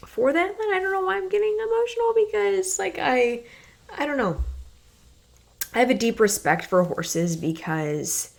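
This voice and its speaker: A young woman hosting her own podcast, talking candidly and emotionally about her life, with many fillers like "like" and "you guys". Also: lowish voice. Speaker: podcast host and health coach. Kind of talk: personal podcast monologue.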